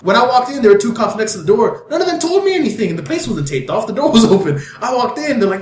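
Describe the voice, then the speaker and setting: A man's voice: high voice, fast talker, few pauses, roomy sound. A young man co-hosting a podcast, telling a story casually with lots of swearing and acting out the other people in it. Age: young adult. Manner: animated, profane, acts out voices of others in his story. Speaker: podcast co-host. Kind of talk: casual storytelling among friends.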